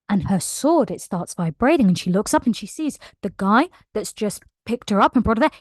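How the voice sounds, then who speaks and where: A woman excitedly recapping a novel in a casual, emotional way, laughing often. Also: medium pitch, moderate pace, hardly any pauses, dry recording, studio quality. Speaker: book channel host.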